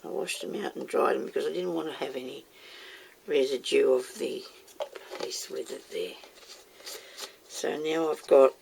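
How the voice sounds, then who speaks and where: A woman's voice: very deep voice, fairly even intonation, moderate pace, gravelly, pauses often, darkish tone, a little hiss or hum. A woman chatting casually as she demonstrates making moulds, talking herself through each step and scolding herself by name. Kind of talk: casual how-to video.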